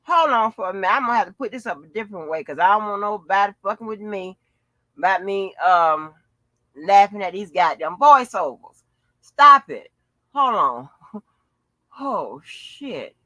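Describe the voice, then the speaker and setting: A woman's voice: mid-range voice, expressive, normal speed, a bit bright, dry recording, poor audio. A woman hosting a casual reaction chat, giggly, exasperated and profane. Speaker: channel host.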